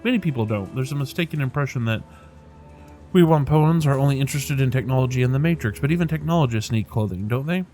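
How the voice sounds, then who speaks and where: A man's voice: mid-range voice, lively intonation, fast, a little mellow, soft background music, natural voice. A man voicing a polite, formal male tailor and material scientist in a video game, speaking like a salesman. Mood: courteous. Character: courteous male master tailor, scholarly.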